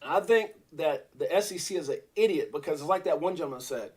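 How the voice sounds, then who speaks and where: Middle-aged male stream host with a high voice; heated, repetitive, stammering ranter. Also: lively intonation, fast talker, breathy edge. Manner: fiery, repeats himself, stammers when worked up. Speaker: livestream host. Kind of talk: heated casual commentary.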